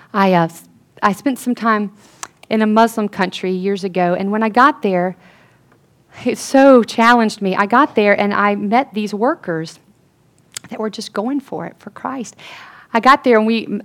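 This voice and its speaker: A woman giving an earnest sermon-style testimony, telling a story and dropping to a hush for quoted lines. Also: mid-range voice. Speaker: speaker at a Christian gathering.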